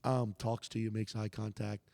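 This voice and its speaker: A man, a comedian, telling a story in casual conversation, animated and swearing freely, acting out the lines of the people in it. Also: lowish voice, normal speed, creaky, no echo, in a large hall. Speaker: comedian guest.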